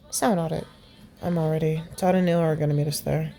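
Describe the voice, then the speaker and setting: A woman's voice: on the low side, brisk, mellow. A young woman reading a fan story aloud, voicing the characters in her own voice and laughing and commenting along the way. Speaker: fan fiction reader.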